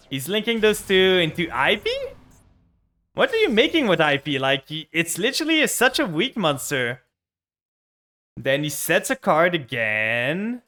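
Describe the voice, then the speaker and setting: Young guy streaming a card game, bright clear voice, tilted and ranting. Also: on the high side. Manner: frustrated, ranting about his opponent. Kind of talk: live gameplay commentary.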